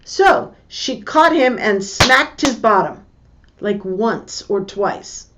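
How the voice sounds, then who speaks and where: Slow, deliberate woman teacher. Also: mid-range voice, animated, a bit bright, slight background noise. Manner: slow, deliberate, acts out the voices in her story. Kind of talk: lesson with a personal story. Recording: dull lo-fi recording.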